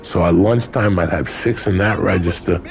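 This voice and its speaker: A man's voice: low-pitched, normal speed, vocal fry, low-quality recording. An older man telling stories in a casual interview, colorful and profane, acting out other people's lines. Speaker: guest. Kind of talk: casual storytelling.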